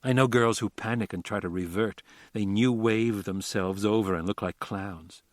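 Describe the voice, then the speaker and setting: A man's voice: fairly low pitch, moderate pace, no echo, studio quality, natural voice. A man reading an audiobook, voicing an edgy, self-conscious woman nearing thirty. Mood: nervous. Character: nervous woman about to turn thirty.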